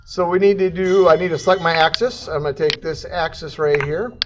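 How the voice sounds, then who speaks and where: A man giving a casual, jokey software tutorial, throwing in sound effects and silly asides. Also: fairly high pitch, a little fast, background noise. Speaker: CAD instructor. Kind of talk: casual screen-recorded tutorial.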